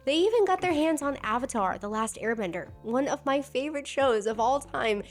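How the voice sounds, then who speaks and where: A woman with a slightly hoarse sick voice, reading a scripted commentary with wry sarcasm. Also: high-pitched, animated, fairly quick, soft background music. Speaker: video essayist.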